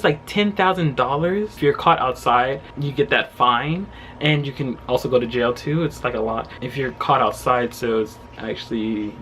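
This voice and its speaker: A young man telling a travel story in a casual vlog from his home, animated and full of fillers. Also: medium pitch, a little hiss or hum. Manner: animated retelling with quoted voices, frequent fillers and laughs. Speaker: travel vlogger. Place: his home during quarantine.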